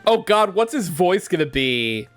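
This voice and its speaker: Young male streamer, animated and irreverent, voice jumps around, over game music. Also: sits high, unhurried. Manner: joking, animated, swears freely. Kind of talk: live game stream commentary.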